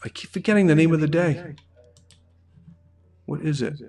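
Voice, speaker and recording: A man's voice: fairly high pitch, normal speed, gravelly, darkish tone, distant mic. A man, hosting his own live wine show, rambling and chatty as he reads viewer comments aloud at home. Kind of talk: casual live-stream chat.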